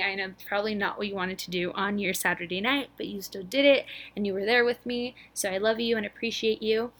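A young woman hosting her own podcast, talking in a bubbly, chatty way with lots of "like" and a slightly breathless excitement. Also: medium pitch. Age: young adult. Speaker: podcast host. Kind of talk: casual solo podcast chat.

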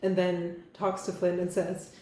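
Young woman, dark voice, very echoey room. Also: fairly low pitch, monotone, measured pace. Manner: laughs often, thinks aloud. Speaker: podcast co-host. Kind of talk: casual chat.

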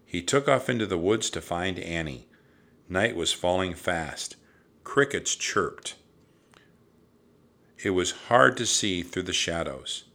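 A man reading a children's storybook aloud in a measured, expressive way. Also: low-pitched, creaky. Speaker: narrator.

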